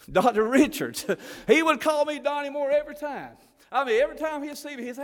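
A man's voice: very high voice, expressive, moderate pace, long pauses, big-room sound. A man preaching a sermon, telling folksy stories as a former missionary. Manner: folksy storytelling, Southern phrasing. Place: church.

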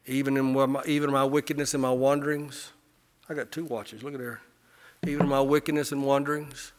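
A middle-aged man preaching a sermon, impassioned, swelling to loud peaks and often repeating his words. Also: mid-range voice. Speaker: pastor.

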